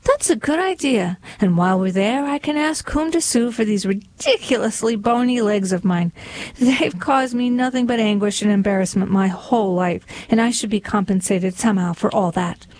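A woman voicing a pushy, litigious hen neighbor who talks briskly and emphatically, rattling off lists. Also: mid-range voice, a little mellow, lightly acted. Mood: emphatic.

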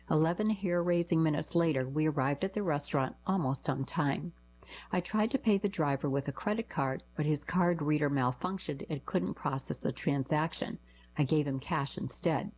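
A woman's voice: low-pitched, darkish tone, slightly rough, rough recording. A woman reading short first-person anecdotes aloud, giving quoted lines a lift in her voice.

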